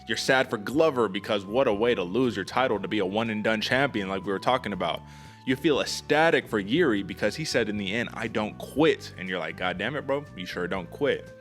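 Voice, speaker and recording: A man with a lowish voice hosts a casual sports podcast. He talks with energy and emphasis, often calling his co-host brother. Faint music plays behind him. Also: a bit bright.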